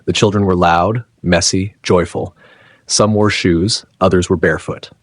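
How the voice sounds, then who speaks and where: A man reading a dramatic story as narrator in measured, short phrases. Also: low-pitched, steady tone, no room sound.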